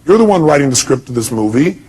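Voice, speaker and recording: A man's voice: mid-range voice, sing-song, fast talker, darkish tone, breathy edge. A man giving a motivational speech to a live audience, emphatic and blunt, constantly firing rhetorical questions. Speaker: motivational speaker.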